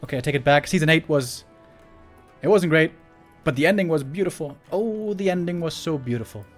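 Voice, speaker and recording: A man commentating a strategy game match solo, chatty and excitable, laughing often and rambling off-topic. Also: fairly high pitch, brisk, soft background music. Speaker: esports caster.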